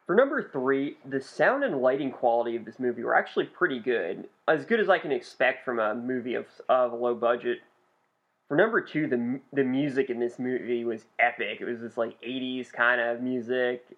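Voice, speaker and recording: Laid-back, dry young podcast co-host. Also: male voice, medium pitch, moderate pace. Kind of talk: casual chat. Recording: dull lo-fi podcast recording.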